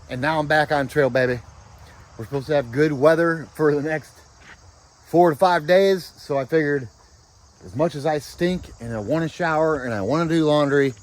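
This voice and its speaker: An upbeat, chatty man talks to his handheld camera out on a wooded trail. His voice sits a touch on the higher side, and he rambles through a casual vlog update with easy enthusiasm. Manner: upbeat, chatty, says "baby" a lot. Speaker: thru-hiker vlogger. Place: outdoors on a forest trail. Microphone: handheld camera, selfie.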